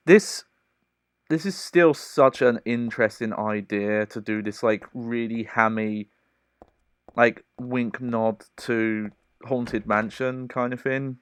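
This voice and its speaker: A man's voice: mid-range voice, fairly even intonation, takes it slowly, long pauses, clean tone. Chatty man streaming a game. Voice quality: chatty, laughs often, many fillers. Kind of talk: casual gameplay commentary.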